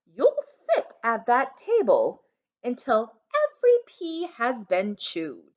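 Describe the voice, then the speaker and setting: A stern storybook mother barks loud, sharp orders at her daughter, as a woman reads her part. The voice swoops up and down with lively pitch, and the recording sounds dull and lo-fi. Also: slow, heavily acted.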